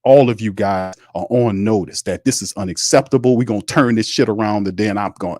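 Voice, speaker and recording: A man with a deep, low voice delivers fiery sports opinions, preachy and blunt, firing rhetorical questions at his audience. He swears freely as he builds his case. The sound is dry and close, with no room echo. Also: fairly quick, a little mellow. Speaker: sports podcast host.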